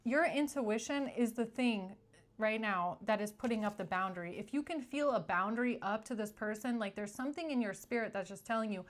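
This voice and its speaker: A woman's voice: a little high, fairly quick. Blunt, chatty woman reading tarot. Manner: chatty, blunt, repeats "okay?" and "like". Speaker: tarot reader. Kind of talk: casual tarot reading to camera.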